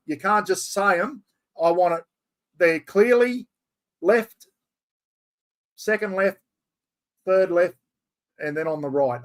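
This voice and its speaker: Middle-aged aussie bloke chatting on a livestream, slightly higher voice, loose and slangy. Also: male voice, a bit bright. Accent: Australian. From Australia. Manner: chatty, reads out viewer comments, mate-heavy slang. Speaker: livestream host. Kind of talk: casual livestream chat.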